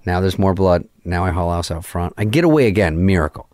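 Low-voiced man telling a wild story. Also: fairly quick. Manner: profane, animated, acts out quoted lines. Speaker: guest. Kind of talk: casual storytelling.

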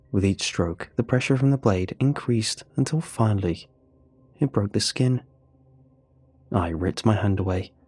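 Low dark husky guy reading a horror story, calm and measured, dry close mic. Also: dry recording. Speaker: narrator. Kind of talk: scripted horror story narration.

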